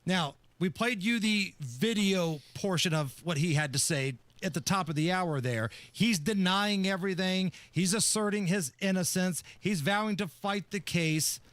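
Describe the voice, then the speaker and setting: Man, radio host, sarcastic, laughing, bright voice, dry studio sound. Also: sits high, normal speed, few pauses, no echo. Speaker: radio talk show host. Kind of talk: opinionated radio talk. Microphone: studio microphone.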